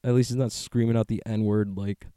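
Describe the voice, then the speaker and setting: A man's voice: fairly low pitch, little pitch movement, normal speed, warm tone, clear, resonant tone, no room sound, studio quality. A man talking in a casual, rambling monologue, swearing often and joking as he goes.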